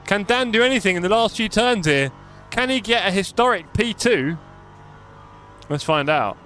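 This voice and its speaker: A man's voice: sits high, lively intonation, normal speed, pushed and bright, faint music behind. A young man live-streaming sim racing, chatty and self-mocking, calling the race as he drives.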